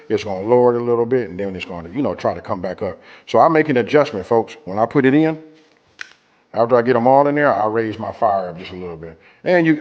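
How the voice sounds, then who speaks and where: Male cooking-show host, relaxed and chatty, mid-range voice, casual demo delivery. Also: medium pitch, dull audio. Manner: laid-back, talks straight to viewers with lots of "right?".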